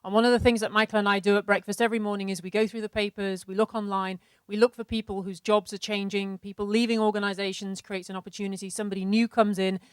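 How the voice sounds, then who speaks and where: A middle-aged woman co-presenting a seminar, giving brisk, organized practical business advice. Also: medium pitch, level tone, clear, resonant tone, no echo.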